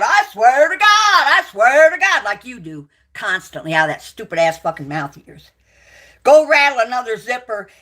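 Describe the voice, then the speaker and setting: A woman's voice: mid-range voice, fairly bright tone. A middle-aged woman, hosting a livestream and delivering an angry, profane rant full of insults. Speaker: livestream host.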